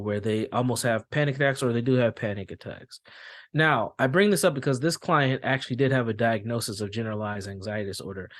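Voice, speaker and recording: A man hosting a podcast and working as a school therapist, talking conversationally, telling stories and acting out quoted reactions. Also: mid-range voice. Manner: conversational, repeats phrases, acts out quoted reactions. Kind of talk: explanatory podcast talk with anecdotes.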